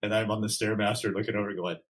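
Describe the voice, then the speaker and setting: A middle-aged man, a podcast guest, telling his story in an animated way and acting out the dialogue. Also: lowish voice, fast talker, low-quality recording. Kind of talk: storytelling in an interview.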